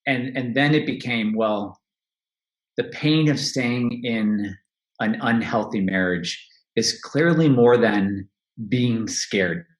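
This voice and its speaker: A money coach appearing as a podcast guest talks slowly in a medium-pitched voice, recorded in an echoey room. In casual interview talk, he reflects candidly on his own life, often restarting and laughing.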